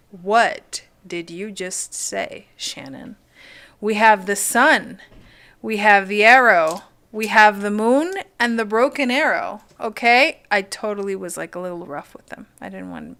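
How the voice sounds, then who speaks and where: A woman's voice: mid-range voice, a little slow, a bit bright. A woman hosting a live-streamed card reading, gushing and chatty and full of "like".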